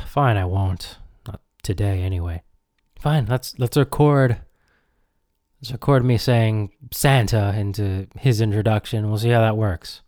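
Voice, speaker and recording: A man's voice: on the low side, measured pace, a little mellow, no echo, studio quality. A man hosting a radio show, rambling and self-deprecating in comic banter with his listeners. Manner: self-deprecating, chatty, talks to the audience.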